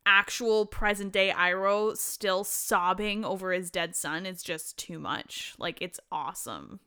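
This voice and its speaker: A woman's voice: on the low side, a little slow, pushed and bright, clear, resonant tone. A woman co-hosting a podcast in casual chat, reacting and chiming in with many fillers. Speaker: podcast co-host.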